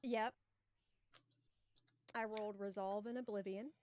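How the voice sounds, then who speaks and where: A woman's voice: medium pitch, steady tone, unhurried, darkish tone. A woman player explaining her moves in a tabletop game in a casual, matter-of-fact way.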